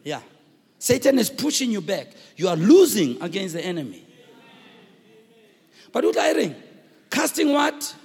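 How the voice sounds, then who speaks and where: A South African man preaching a sermon as pastor, with fervent shouted emphasis and call-and-response, recorded in a church hall. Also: high-pitched, very animated, moderate pace, gravelly, pauses often, breathy edge. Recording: echoey hall reverb.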